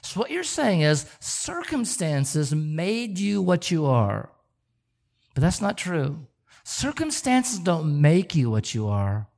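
Slow and gravelly, with a fairly high pitch, a middle-aged man preaches as pastor. His delivery is animated, full of stammered repetitions and rhetorical questions aimed at the congregation.

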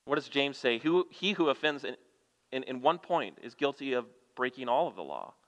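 A man's voice: medium pitch, big pitch swings, moderate pace, fairly bright tone. A man preaching a sermon as a pastor. He reads scripture aloud with rising emphasis and puts questions to the congregation. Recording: long reverb of a church hall.

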